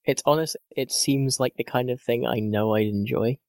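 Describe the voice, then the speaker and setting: A man's voice: mid-range voice, normal speed, gravelly, darkish tone, no echo. A man co-hosting a casual gaming podcast, joking and self-deprecating in loose banter. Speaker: podcast co-host.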